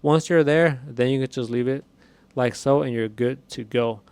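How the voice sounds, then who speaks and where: A man's voice: medium pitch, moderate pace, gravelly, darkish tone, clear, resonant tone. A man talking through a microphone setup in a plain, conversational way, repeating points as he goes. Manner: plain, conversational, repeats himself while explaining. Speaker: tech reviewer. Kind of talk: casual explanatory demo. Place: home room with a window. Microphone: USB dynamic microphone with headset.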